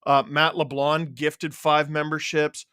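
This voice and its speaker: A man hosting a live watchalong stream, excitedly reading out viewer names and swearing freely. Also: a little high, slow, clear, resonant tone, no echo, clean studio sound.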